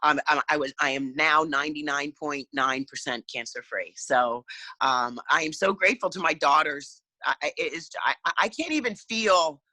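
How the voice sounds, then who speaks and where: A woman in her fifties, a guest in a casual interview, talking in a halting way with many restarts. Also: deep voice, bright, forceful tone, no echo. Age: 50s.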